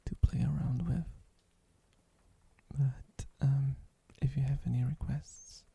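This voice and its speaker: A man rambling in soft-spoken ASMR style, drowsy and meandering, often dropping into a whisper on a close microphone. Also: mid-range voice, flat delivery, takes it slowly, creaky, breathy edge, dry recording. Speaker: ASMR streamer.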